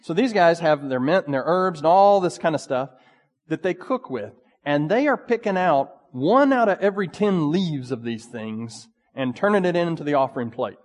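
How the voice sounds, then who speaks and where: Pastor preaching in a reverberant hall. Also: male voice, on the high side. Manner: conversational preaching, animated. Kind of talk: sermon. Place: church sanctuary. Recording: long reverb of a church hall.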